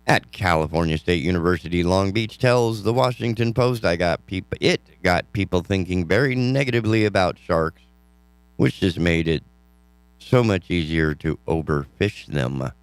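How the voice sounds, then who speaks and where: A man's voice: sits low, normal speed, smooth, dry recording. A man hosting a talk show, reading news stories and adding sarcastic, ranting asides. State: yawning, tired. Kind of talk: casual news commentary.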